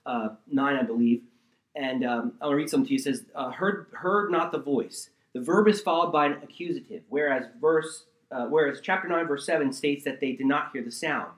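A man preaching a sermon and teaching from the Bible, swinging between loud emphatic bursts and quiet asides and often checking in with his listeners. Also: mid-range voice, fairly quick. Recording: roomy echo.

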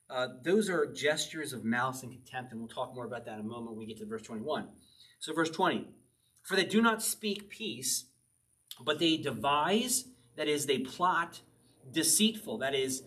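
A man preaches in a relaxed, conversational way, working through scripture verse by verse. His voice sits fairly high for a man, and he slows deliberately when he reads a passage aloud. He chuckles now and then as he explains. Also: distant mic. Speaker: pastor. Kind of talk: sermon, verse-by-verse Bible teaching.

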